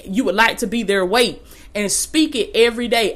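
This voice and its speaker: Woman motivational speaker, slightly high voice, preachy and colloquial, hammers points home by repeating them. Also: normal speed. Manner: preachy and exhorting, repeats phrases for emphasis; casual and colloquial, addresses listeners as y'all. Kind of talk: faith-based motivational talk.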